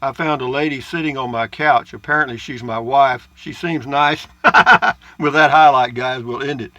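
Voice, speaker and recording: In a dry recording, a man speaks in a mid-range, slightly bright voice, keeping a steady tone and normal pace. He's an RV vlogger reading viewer comments in his travel trailer, rambling in a folksy style with lots of uh's and asides.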